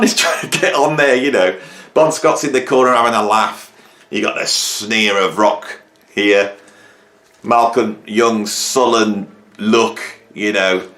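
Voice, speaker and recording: A man's voice: mid-range voice, fairly bright tone. A middle-aged man chatting enthusiastically and jokily about his vinyl records at home. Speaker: music YouTuber. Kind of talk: casual vlog chat. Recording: roomy echo.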